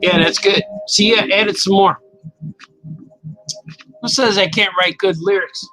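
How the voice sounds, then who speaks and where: A man's voice: high voice, fairly even intonation, a little slow, sharp tone, faint music behind, poor audio. A man casually chatting while he draws on a livestream, playful and reading viewer comments aloud. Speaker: cartoonist livestreaming his drawing. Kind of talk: casual chat while drawing.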